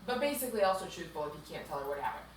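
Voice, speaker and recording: A woman's voice: low voice, very animated, very fast, crowd noise. A woman co-hosting a podcast, casually recapping a book in a chatty, rambling way full of "like". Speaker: podcast co-host. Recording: very echoey room, distant mic, faint hiss.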